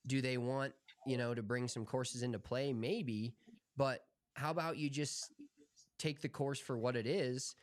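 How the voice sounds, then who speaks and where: A man's voice: mid-range voice, measured pace, no echo. Opinionated man on a dry mic. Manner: relaxed, opinionated, swears casually. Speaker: podcast co-host. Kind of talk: casual golf podcast chat.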